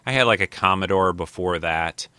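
A man's voice: deep voice, moderate pace, bright, forceful tone, clean tone, no room sound. A man in his fifties hosting a podcast in casual, rambling chat, full of restarts and fillers as he thinks aloud. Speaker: podcast host.

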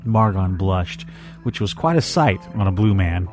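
Man narrating fan fiction, lowish voice. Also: expressive, measured pace, a little mellow, faint music behind. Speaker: story reader.

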